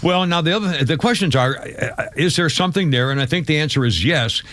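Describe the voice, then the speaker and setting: A man's voice: a little high, expressive, brisk, a bit bright, no echo. A man hosting a radio talk show, chatting casually with callers and a co-host, with frequent restarts and laughter.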